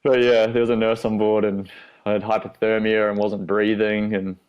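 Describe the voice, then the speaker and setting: A man's voice: on the low side, little pitch movement, moderate pace, smooth, muffled recording. A young Australian man, a skateboarder guest, telling stories in a laid-back way, swearing freely and laughing through them. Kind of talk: casual storytelling.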